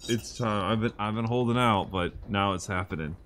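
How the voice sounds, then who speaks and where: A man playing in a tabletop game, chatting casually with quick, playful reactions. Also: on the low side, a bit bright, slight background noise. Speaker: player.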